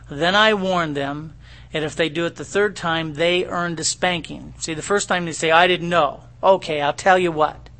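A middle-aged pastor preaches a conversational sermon, talking with his congregation as though chatting. His voice is high and bright, and he checks in with listeners often in a homespun, folksy way.

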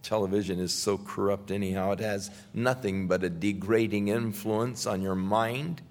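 A male pastor preaching a sermon in a slow, emphatic style that swells loudly on scripture. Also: fairly low pitch, steady tone, big-room sound.

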